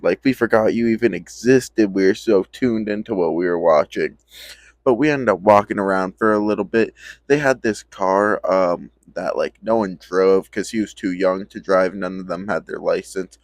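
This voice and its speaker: A young man with a lowish voice tells a story in a loose, slangy, profane way. He slips into his friends' voices when he quotes them. The sound is dry and close, with no room echo. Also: moderate pace. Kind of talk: casual storytime.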